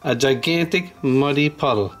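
A man's voice: mid-range voice, moderate pace, faint music behind. A man casually unboxing toys and reading a children's storybook aloud, chatting to young viewers as he goes. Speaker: channel host.

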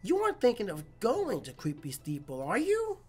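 A woman's voice: medium pitch, wildly swooping pitch, moderate pace, slight background noise. A woman reading the lines of a worried old male village mayor aloud from a video game. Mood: fretful.

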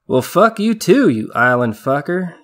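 A man doing a loud, crude old soldier. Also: on the high side, very animated, measured pace, voice pushed up. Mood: rowdy. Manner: brash, loud and vulgar. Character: rowdy crude male veteran soldier.

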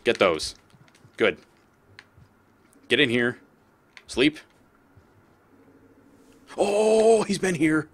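A man's voice: on the high side, sing-song, very slow, pauses often, fairly bright tone, breathy edge. A man giving casual gameplay commentary as a let's play host; he swears often and talks back at the creatures on screen.

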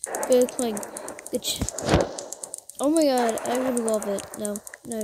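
A young gamer giving rambling let's-play commentary who often restarts sentences and breaks into excited bursts. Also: medium pitch, unhurried, very noisy. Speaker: gamer narrating his own play.

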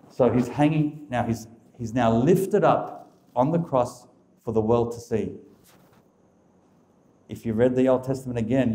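A man's voice: mid-range voice, warm tone, a little hiss or hum. Emphatic male Catholic speaker, echoey room. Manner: emphatic, rhetorical questions. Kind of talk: religious teaching talk.

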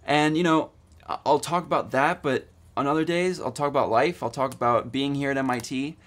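A man's voice: mid-range voice, steady tone, fairly quick, fairly bright tone. A man in his twenties vlogging casually, rambling eagerly with lots of fillers and restarts. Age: 20s. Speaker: student vlogger. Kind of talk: casual vlog.

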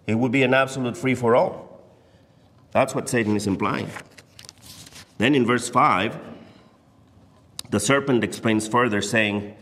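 A man teaching an adult Bible class in a church, speaking in a measured, deliberate way and stressing key words. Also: on the low side, fairly bright tone. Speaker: Sunday school teacher. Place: church sanctuary. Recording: long reverb of a church hall.

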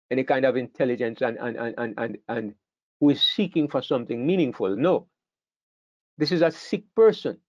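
A man's voice: a little high, darkish tone, dry recording, muffled recording. An older man teaches a Bible class in an earnest way, often repeating words as he thinks.

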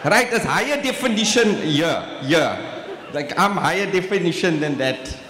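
Lively South African comedian, echoey hall. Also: male voice, on the high side, moderate pace, background noise. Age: 40s. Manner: lively, teasing the crowd. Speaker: stand-up comedian. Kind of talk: live stand-up comedy. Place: large exhibition hall stage. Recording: echoey hall with room ambience.

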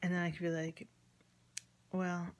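A woman's voice: on the low side, flat delivery, a little slow. A woman casually telling a personal story, rambling with many ums, acting out the conversations she quotes and sometimes dropping to a near-whisper. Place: at home with chickens nearby.

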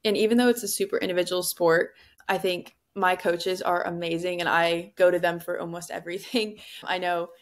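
A woman's voice: fairly low pitch, moderate pace. A young woman in her twenties, a guest on a podcast, talking candidly and animatedly, with lots of "like". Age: 20s. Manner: candid, animated retelling with frequent "like". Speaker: guest athlete. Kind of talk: casual podcast interview.

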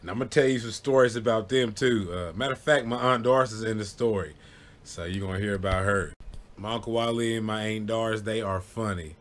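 A young man telling a childhood story in a relaxed, rambling vlog style, often checking in with "you know what I'm saying" and breaking into laughter. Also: lowish voice, fairly quick. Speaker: vlogger. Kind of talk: casual storytelling.

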